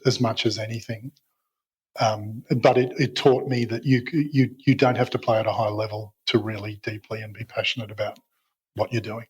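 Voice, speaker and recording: A man's voice: lowish voice, breathy edge, rough recording. A middle-aged man talking as a podcast guest, hesitant and self-deprecating, with lots of fillers and restarts. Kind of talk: casual interview chat.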